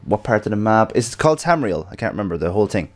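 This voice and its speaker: A man's voice: lowish voice, big pitch swings, rapid-fire. A man with an Irish accent hosting a casual podcast over a call, laughing often and teasing his guests. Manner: laughs often, teasing, asks rambling questions. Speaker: podcast host. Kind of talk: casual chat.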